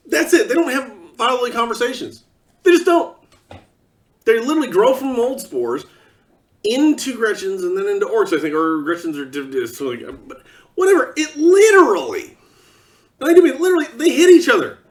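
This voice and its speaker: A man's voice: high-pitched, sing-song, normal speed, far from the mic. A man delivering an exasperated, sarcastic ranting monologue as a vlogger.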